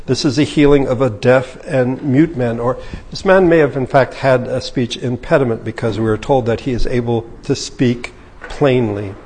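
A man preaching a sermon, retelling scripture in a relaxed, conversational way. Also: medium pitch, normal speed, hardly any pauses, long reverb tail, slight background noise. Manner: conversational, paraphrasing scripture in casual speech. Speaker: pastor.

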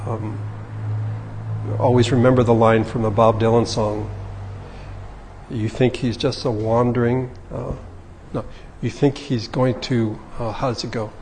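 A man preaching a sermon, retelling scripture in a relaxed, conversational way. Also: mid-range voice, unhurried, long reverb tail, slight background noise. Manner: conversational, paraphrasing scripture in casual speech. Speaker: pastor.

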